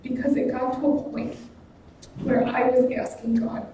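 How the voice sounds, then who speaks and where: A woman with a high, dark-toned voice and little pitch movement gives a guest sermon in a church sanctuary, speaking slowly, deliberately, and in an earnest, personal way. The recording is echoey and distant, with faint noise.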